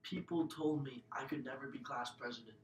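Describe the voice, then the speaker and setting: A young man giving an earnest, emotional personal testimony as a student speaker, often dropping to a hushed, breathy voice. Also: a little fast. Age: young adult. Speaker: student speaker telling his own story. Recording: echoey room, mic far off, faint rumble.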